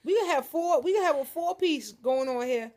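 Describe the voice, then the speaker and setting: Her voice sits high and sounds expressive and a little mellow as this young woman vlogs at normal speed from her living room couch. She jokes playfully and chats straight to camera, addressing viewers as "y'all."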